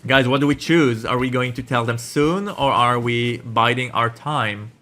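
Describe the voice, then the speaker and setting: A man's voice: mid-range voice, a little slow, sharp tone, faint music behind. Man joking through a game playthrough. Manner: joking, chatty aside. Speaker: gaming channel host. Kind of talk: let's-play commentary.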